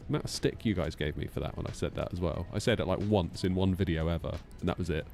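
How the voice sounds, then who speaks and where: A man's voice: sits low, fast talker, gravelly, darkish tone, faint music behind. A man streaming a flight sim, chatting casually, teasing himself and answering chat aloud. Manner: chatty, self-mocking, reads chat aloud.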